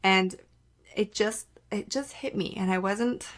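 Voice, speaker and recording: A woman's voice: mid-range voice, unhurried. A woman hosting her own podcast, talking candidly in a casual, conversational way, full of "like" and acting out the things she once said. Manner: candid, conversational, many "like" fillers, acts out her own past remarks. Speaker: podcast host. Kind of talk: casual solo podcast monologue.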